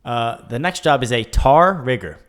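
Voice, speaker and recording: A young man chatting casually as a podcast co-host, his pitch swinging widely as he jokes. He reads facts off a list and then teases his friend. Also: expressive, normal speed, a bit bright. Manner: joking, reads job facts aloud, bursts into laughter. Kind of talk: casual chat.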